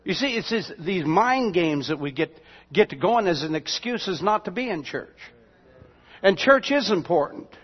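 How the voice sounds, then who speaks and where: A man's voice: sits high, expressive, normal speed, breathy edge. A man preaching as a pastor, telling everyday stories in a folksy, conversational way with asides to the congregation. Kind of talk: storytelling sermon. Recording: dull lo-fi sound with long hall reverb.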